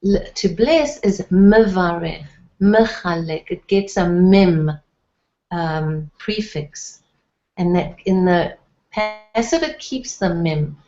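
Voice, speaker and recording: A woman teaching a language lesson in a patient, step-by-step way, with frequent pauses and fillers. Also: lowish voice, mellow, dull audio. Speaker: Hebrew teacher. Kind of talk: slow, careful language lesson.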